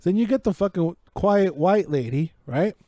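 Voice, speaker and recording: A man co-hosting a podcast, telling a story in casual, profanity-heavy chat that keeps building in excitement. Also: high-pitched, normal speed, no room sound, clean studio sound. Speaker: podcast co-host. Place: home podcast setup.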